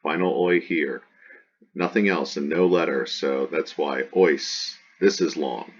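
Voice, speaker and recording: A man's voice: very deep voice, a little slow, breathy edge, highs cut off. A man teaching ancient Greek grammar, chanting word forms in a sing-song and explaining patiently. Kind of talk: recorded grammar lesson.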